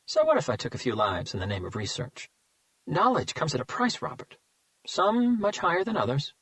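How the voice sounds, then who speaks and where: A man voicing a cool, refined serial killer who talks in a smooth, self-satisfied, lecturing way. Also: a little high, wildly swooping pitch, normal speed, fairly bright tone, dry recording. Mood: smug.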